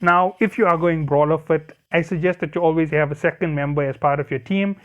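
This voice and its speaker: A man's voice: fairly high pitch, fairly even intonation, brisk, phone-quality sound. A man walking through a game ship build in a casual, explanatory way, often correcting himself and apologizing along the way. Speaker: game guide creator.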